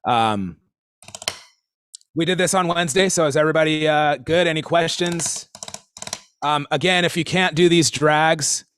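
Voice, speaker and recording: A man leads a live online drum warm-up class, speaking haltingly with lots of fillers as he counts in and sings rhythms aloud. His voice sits on the high side, and there's a little hiss or hum.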